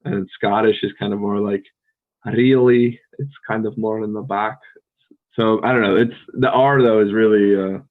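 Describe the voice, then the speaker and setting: An American man co-hosting a podcast, chatting casually with a relaxed, rambling manner full of fillers and restarts. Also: lowish voice, moderate pace, phone-quality sound. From United States. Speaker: podcast co-host. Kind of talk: casual conversational chat.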